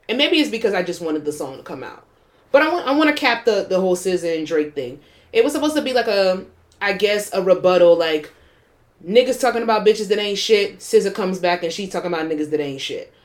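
A young adult woman co-hosting a podcast in casual chat, blunt and opinionated and swearing freely. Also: medium pitch. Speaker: podcast co-host.

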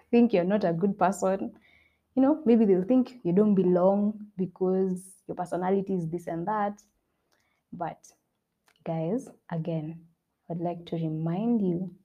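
A woman's voice: lowish voice, dull audio. A young woman hosting a self-help podcast, talking earnestly and repeating her points for emphasis. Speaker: podcast host. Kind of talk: motivational self-help talk.

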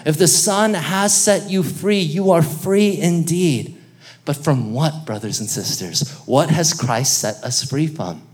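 A man preaching a sermon in a lively, conversational way, joking with the congregation and calling on them to respond. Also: a little high, slow pace. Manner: lively, conversational preaching with jokes and audience interaction. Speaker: pastor.

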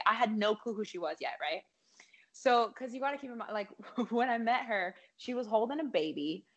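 A woman's voice: medium pitch, expressive, moderate pace, dull audio. Talkative woman rambling through a story, casual podcast chat. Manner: chatty, lots of fillers and likes. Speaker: podcast guest, singer.

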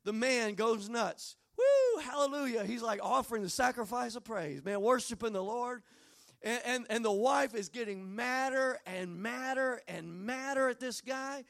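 Pastor, male, very high voice, folksy storyteller who climbs to fervent shouting. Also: measured pace, vocal fry. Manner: folksy, humorous asides. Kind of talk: sermon.

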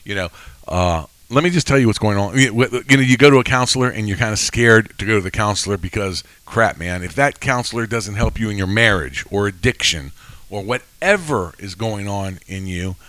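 A man's voice: lowish voice, brisk, fairly bright tone, no echo. A man in his sixties hosting a faith podcast, telling emotional stories in a rambling way with many restarts. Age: 60s. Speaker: podcast host. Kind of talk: casual faith podcast chat.

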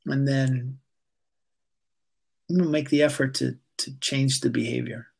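A man, a yoga teacher being interviewed, speaking calmly and haltingly with many fillers as he guides a breathing exercise. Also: medium pitch, gravelly, husky.

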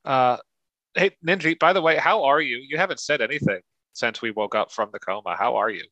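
A man's voice: medium pitch, brisk, pushed and bright, dry recording, dull audio. A man playing a tabletop game, chatting in a wry, teasing way. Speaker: player. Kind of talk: casual chat.

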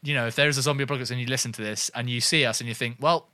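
A man co-hosting a comedy podcast, bantering casually, swearing and now and then shouting. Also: mid-range voice, steady tone, very fast, clean tone, no echo. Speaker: podcast co-host.

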